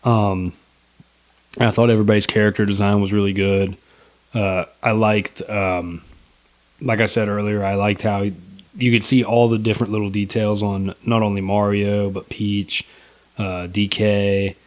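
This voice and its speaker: A man's voice: lowish voice, flat delivery, a little slow. A young man co-hosting a casual movie review podcast, laid-back and rambling, with lots of fillers and swearing. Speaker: podcast co-host.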